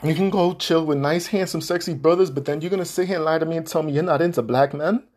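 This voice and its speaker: Fast and fairly high-pitched with a darkish tone, a podcast host goes on a repetitive, profane, heated tirade addressed to his ex-partner.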